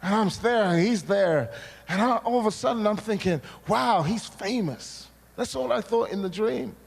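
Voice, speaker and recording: A man preaching a sermon, telling a personal story in an animated way, acting out his own past words and sometimes breaking into shouts. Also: high-pitched, moderate pace, creaky. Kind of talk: sermon testimony. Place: large church hall. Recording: long hall reverb.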